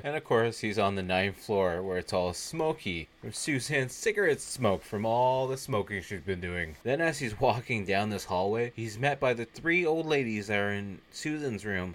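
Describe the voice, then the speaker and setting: A young man with a fairly low voice, talking through a film plot like he's chatting with a friend. He breezes along and tosses in quick throwaway voices for the people in the story. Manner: retells scenes with quick offhand voices for the characters. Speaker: podcast host. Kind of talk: casual movie recap.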